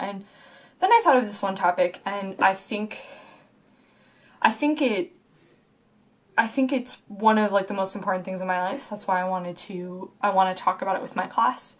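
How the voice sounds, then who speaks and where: A woman's voice: medium pitch, moderate pace, long pauses. Chatty young woman rambling to camera. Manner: chatty and rambling, many likes and restarts. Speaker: vlogger. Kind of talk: casual personal talk to camera.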